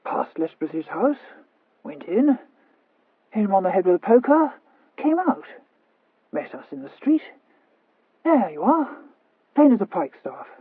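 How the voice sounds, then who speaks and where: Lady voicing a tipsy stiff gentleman, slow clipped lines, breathy voice, dull sound. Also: medium pitch, sing-song, dry recording. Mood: dogged. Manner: slow, dogged, clipped phrases. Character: tipsy, stolid, polite young Regency gentleman.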